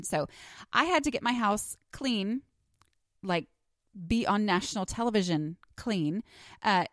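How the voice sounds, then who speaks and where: A woman talks through her solo podcast in a loose, chatty way, wandering into asides and filling pauses with ums. Her voice sits at an ordinary middle pitch for a woman. It is recorded close and dry, with no room sound, while she sits at home under a blanket. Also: fairly bright tone, dry recording. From Texas. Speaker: podcast host. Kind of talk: casual solo podcast chat.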